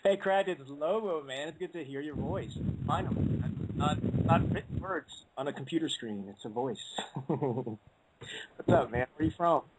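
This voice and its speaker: A man's voice: on the high side, normal speed, very noisy. Man, casual call-in chat, laid-back, laughs easily. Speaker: call-in show regular.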